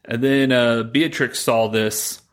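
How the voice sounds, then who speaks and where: Man, podcast co-host, casual plot recap, rambling, animated, mid-pitched voice. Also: slow, clear, resonant tone. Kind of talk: casual chat recapping a movie.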